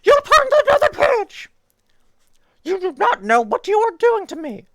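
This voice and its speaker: A woman putting on a furry male monster puppet, storybook reading, squeaky strained voice, swoops wildly up and down, frantic pleading, dry close sound. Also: wildly swooping pitch, a little slow, a bit bright, no echo, heavily acted. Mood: panicked.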